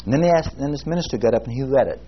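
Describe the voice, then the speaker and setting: A man teaching a Bible class, praying and telling a story in an earnest, halting way, with frequent fillers and restarts. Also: mid-range voice, animated, slightly rough. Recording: muffled lo-fi recording with faint hiss.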